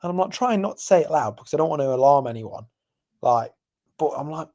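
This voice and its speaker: Animated young Englishman telling a story. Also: fairly high pitch, quick pace. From England. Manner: animated storyteller, swinging from loud to hushed. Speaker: podcast co-host. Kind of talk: casual chat.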